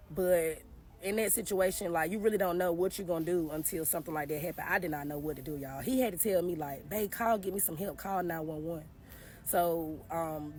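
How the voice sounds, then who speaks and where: A woman's voice: on the low side, darkish tone, slight background noise. A woman telling a personal story straight to camera in a casual vlog, speaking earnestly and with feeling, often addressing the viewers directly. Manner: recounts events in a halting, emotional way. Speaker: vlogger telling her own story.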